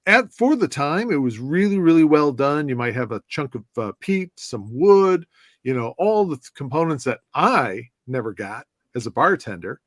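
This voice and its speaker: A man's voice: a little high, normal speed, dry recording, clean studio sound. Chatty man from telling stories. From southwest side of Chicago, US. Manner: animated anecdotes with many restarts and fillers. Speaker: former whisky brand ambassador, guest. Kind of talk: casual conversational storytelling.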